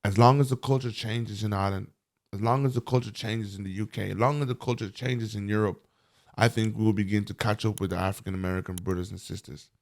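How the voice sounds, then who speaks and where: A man's voice: lowish voice, steady tone, fast, vocal fry. A man vlogging earnest, impassioned commentary to camera, preaching and repeating phrases for emphasis.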